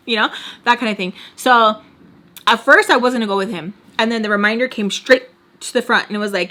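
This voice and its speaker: A woman's voice: a little high, a little fast. A young woman casually telling a personal story to her followers, candid and chatty, with lots of "like" and frank swearing. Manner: chatty and candid, heavy use of "like"; animated retelling, swearing freely. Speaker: storytime vlogger.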